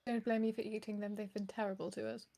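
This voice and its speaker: A woman's voice: mid-range voice, level tone, fast, gravelly, mellow. A young woman playing in a tabletop game, speaking politely in character. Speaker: player. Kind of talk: casual role-play.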